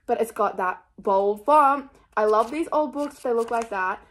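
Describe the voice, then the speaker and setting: A woman's voice: a little high, a little slow, fairly bright tone. A young woman chatting casually about her book picks in a rambling, scattered, self-mocking way, full of fillers. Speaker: book vlogger. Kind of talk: casual chat.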